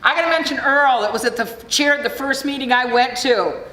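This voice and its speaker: Brisk and sitting high in pitch, a middle-aged American woman delivers a frank, profane share at a recovery meeting. She speaks through a podium mic in a large hall, so the audio is echoey with faint room noise.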